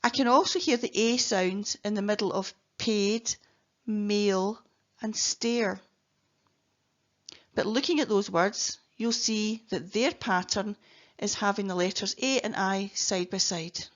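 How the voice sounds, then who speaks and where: A Scottish woman guides young learners through a phonics lesson, sounding out each word and letter with patient care. She speaks slowly at a middling pitch. The recording is a little muffled and lo-fi. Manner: slow, careful, clearly spelling out letters and sounds. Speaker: teacher. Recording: dull lo-fi recording.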